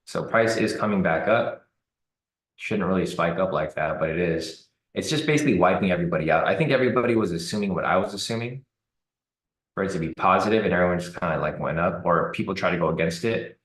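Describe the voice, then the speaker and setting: A man giving relaxed live commentary on a trading chart, thinking aloud with fillers. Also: deep voice, quick pace, reverberant, rough recording. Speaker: trading streamer.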